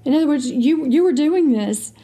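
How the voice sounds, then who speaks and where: A woman's voice: high-pitched, animated, normal speed, dark tone. A woman co-hosting a faith podcast, speaking in an earnest teaching tone and quoting scripture. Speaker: podcast co-host.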